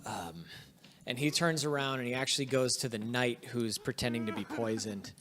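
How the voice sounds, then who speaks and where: A man's voice: medium pitch, normal speed, crowd noise. A man running a tabletop game as game master, narrating scenes with frequent ums and uhs. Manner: relaxed, filler-heavy narration with frequent ums.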